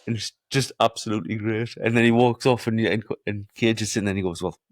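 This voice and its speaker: A man with a very deep voice co-hosts a casual podcast. He retells film scenes with sweary, eager enthusiasm. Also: flat delivery, quick pace, no room sound, clean studio sound. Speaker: podcast co-host. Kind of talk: casual movie chat.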